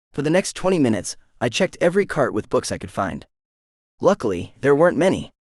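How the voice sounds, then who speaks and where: A man narrating a romance audiobook in the first person, with expressive, emotional storytelling. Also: medium pitch, dry recording, studio quality.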